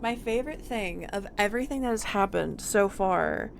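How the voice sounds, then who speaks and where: A woman's voice: medium pitch, animated, normal speed, creaky, slight background noise. A woman streamer chatting casually about her role-play character, rambling and laughing often.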